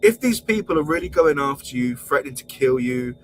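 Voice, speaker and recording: A man's voice: mid-range voice, lively intonation, fairly quick, faint music behind, poor audio. A man co-hosting a podcast, exasperated and heated, swearing as he rants. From England. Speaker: podcast co-host. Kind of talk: casual podcast rant.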